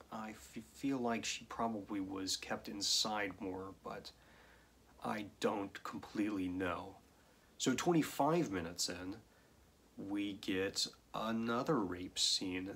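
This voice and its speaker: A man talks through a film's plot in a casual review, pausing for dry, sardonic asides. His voice sits a little low, and he speaks slowly and deliberately. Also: a bit bright, husky. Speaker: film reviewer.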